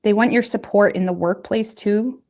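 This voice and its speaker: A woman's voice: mid-range voice, moderate pace, warm tone. A woman giving a casual tarot reading, talking straight to her viewers in a loose, rambling, colloquial way. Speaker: tarot reader.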